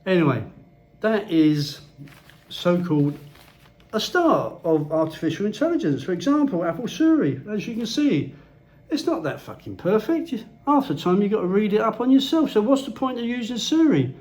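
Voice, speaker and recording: A man with a high-pitched voice rants to the camera in a loose, rambling way. He is blunt and swears freely, talking like a casual vlogger in the Philippines. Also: sing-song, moderate pace, a little mellow, dull audio.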